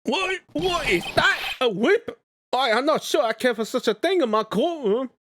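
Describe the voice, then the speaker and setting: A man's voice: extremely high pitch, animated, normal speed, fairly bright tone, voice pushed up, heavily acted. A man voicing a fussy, stammering male judge with a put-on Canadian accent in a fan dub of a game. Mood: flustered. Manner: stammering, tacks on "eh".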